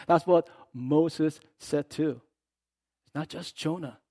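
A man preaching a sermon as a pastor. He is animated, swinging from soft asides to loud, emphatic passages, and acts out the words he quotes. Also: on the high side, no room sound.

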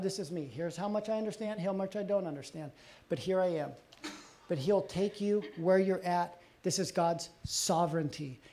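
Delivering a sermon, a middle-aged male pastor sounds earnest and confessional, his voice frequently sinking soft and low during personal moments.

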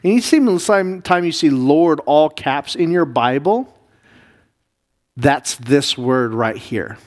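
A man, a pastor, teaching a Bible class, explaining Hebrew words slowly with many fillers and restarts. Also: a little high, animated. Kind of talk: classroom lesson reading Hebrew.

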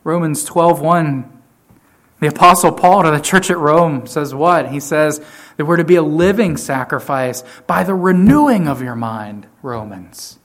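A man preaching a sermon to his church, emphatic, often repeating key phrases and swinging from loud to quiet. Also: a little high, measured pace. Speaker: pastor.

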